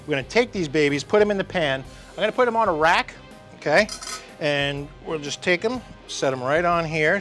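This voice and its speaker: A man's voice: fairly high pitch, fairly bright tone. A man hosting a casual cooking demonstration at an outdoor grill, chatty and enthusiastic, talking straight to the camera. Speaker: cooking show host.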